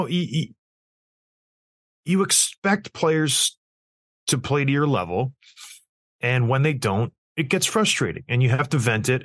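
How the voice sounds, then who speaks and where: Man, former hockey player, blunt casual sports talk, animated pitch, dry close sound. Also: no echo.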